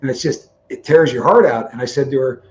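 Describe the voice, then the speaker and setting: A man with a mid-range voice co-hosts a livestream at a fairly quick clip, his casual storytelling animated as he acts out the dialogue in quotes. The audio comes through muffled.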